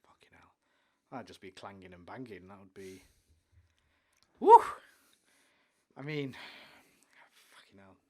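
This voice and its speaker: A man's voice: sits low, normal speed. Chatty man talking sport. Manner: chatty, enthusiastic, trails off quietly. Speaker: podcast co-host. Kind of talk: casual sports chat.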